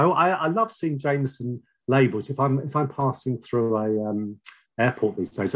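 A middle-aged man with a London accent telling his own recovery story, halting and repeating words, wry and confessional. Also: on the low side, breathy edge. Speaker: speaker sharing a recovery story. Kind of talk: personal testimony.

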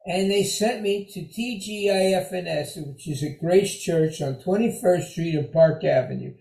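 Animated older New man telling his story. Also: high-pitched, moderate pace, gravelly, reverberant, rough recording. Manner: animated, conversational, repeats phrases for emphasis. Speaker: storyteller sharing recovery story. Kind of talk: personal storytelling talk.

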